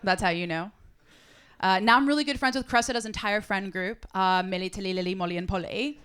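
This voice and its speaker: A woman's voice: medium pitch, fast talker, a bit bright, slight background noise. A young woman doing a stand-up set in a comedy club, chatty and ironic. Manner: chatty, ironic, with playful put-on posh voices.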